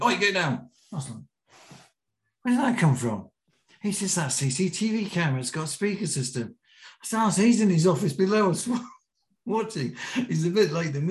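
A British man, a podcast guest, telling a lively anecdote and acting out the quotes. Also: medium pitch. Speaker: podcast guest, BASE jumper. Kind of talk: storytelling in an interview. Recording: roomy echo.

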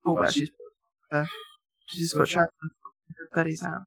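A woman's voice: low voice, flat delivery, normal speed, creaky. A woman co-hosting a podcast, a new mother chatting casually and laughing at her own stories. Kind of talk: casual chat.

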